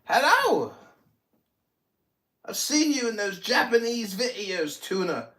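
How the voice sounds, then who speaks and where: A man in his forties hosting a livestream, taunting and mocking an opponent with loud, profane outbursts in a heated argument. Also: extremely high pitch, very animated, slow pace. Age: 40s. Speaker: livestream host.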